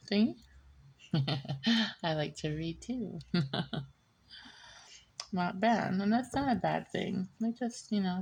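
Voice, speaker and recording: A woman's voice: lowish voice, creaky, darkish tone. A woman giving a casual, rambling reading, often laughing and drifting into side stories. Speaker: tarot reader. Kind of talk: casual chatty reading monologue.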